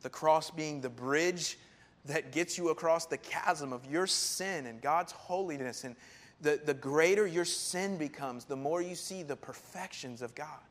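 Lively high-voiced male preacher. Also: measured pace. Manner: animated, emphatic, quotes Paul in a lively voice. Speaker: pastor. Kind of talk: sermon.

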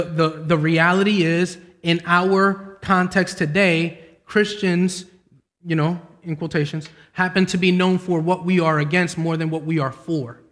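Young male preacher, high voice, lively storytelling sermon, long hall reverb. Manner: storytelling preacher, voice climbs high when excited. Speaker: pastor.

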